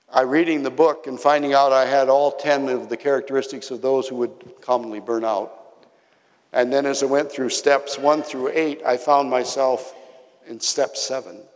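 A man preaching a sermon to his congregation. He tells stories with emphatic pauses, and his voice often drops quiet. His voice carries a long reverb from a large church hall. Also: medium pitch.

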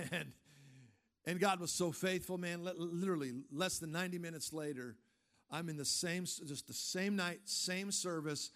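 High-voiced man preaching a sermon. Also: normal speed, a bit bright. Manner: emphatic preaching with rhetorical questions. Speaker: pastor.

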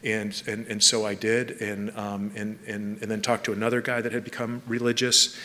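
A middle-aged man from Southern California giving a personal testimony to an audience, halting, with many restarts and repeated words. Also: on the low side, little pitch movement, sharp tone. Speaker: speaker sharing testimony. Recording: long hall reverb, faint ambience.

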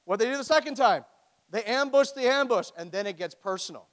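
A man preaching a sermon, retelling a story with animated storytelling and acted-out quotes. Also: extremely high pitch, brisk, long reverb tail.

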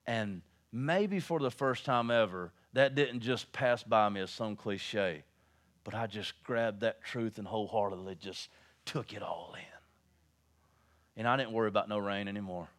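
A man preaching a sermon, telling stories and swinging from hushed, reflective talk to loud, urgent exhortation. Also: lowish voice, normal speed. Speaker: pastor.

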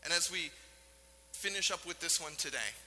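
Earnest high-voiced male preacher, bright tone. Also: animated, in a large hall, a little hiss or hum, rough recording. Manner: earnest, emphatic preaching with dramatic pauses. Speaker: pastor. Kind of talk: sermon. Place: church sanctuary.

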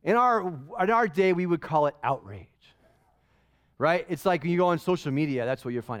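A male pastor preaching a sermon in an animated, conversational way full of rhetorical questions. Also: a little high, a little fast.

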